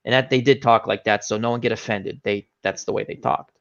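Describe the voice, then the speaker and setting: A man hosting a casual chat, telling an animated anecdote and acting out the voices of the people in it. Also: on the high side, brisk. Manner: animated anecdote teller, acts out quoted voices. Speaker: host. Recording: dull lo-fi stream audio.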